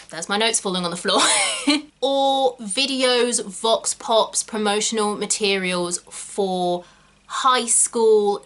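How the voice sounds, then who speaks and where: A young woman giving acting advice in a chatty, animated way, darting off on quick tangents. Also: medium pitch. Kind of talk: casual talk to camera.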